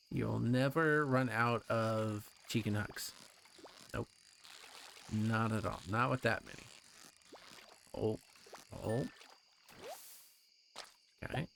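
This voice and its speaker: Man, let's play host, casual gameplay commentary, gravelly voice, chatty and rambling, mid-pitched. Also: slight background noise. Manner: chatty and playful, rambling with fillers.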